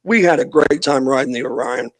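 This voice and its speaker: Speaking briskly in a mid-range voice with no room sound, this middle-aged man, a youth minister guesting on a podcast, spins a lengthy tale in relaxed interview style, voicing the characters he quotes.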